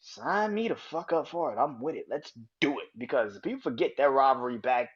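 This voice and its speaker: A man hosting a podcast, talking through wrestling in a casual, profane, rambling and animated way, in a slightly dull lo-fi recording. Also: mid-range voice, a little fast, husky. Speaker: podcast host.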